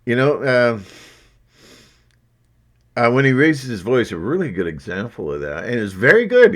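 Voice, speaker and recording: A man talking casually to his viewers in a meandering way, full of asides. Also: fairly low pitch. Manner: meandering, with lots of verbal asides. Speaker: vlogger. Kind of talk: casual rambling talk to viewers.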